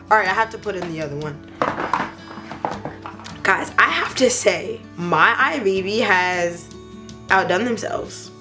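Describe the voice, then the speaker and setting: A young woman in a casual beauty review vlog, talking playfully and gushing with excitement. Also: lowish voice, a little slow, soft background music. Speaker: beauty vlogger.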